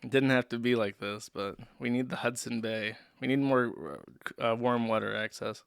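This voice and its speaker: A man's voice: mid-range voice, normal speed, gravelly, clear, resonant tone, no room sound. A man hosting a livestream, rambling through sarcastic, profane jokes and commentary on a close desk mic. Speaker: streamer host.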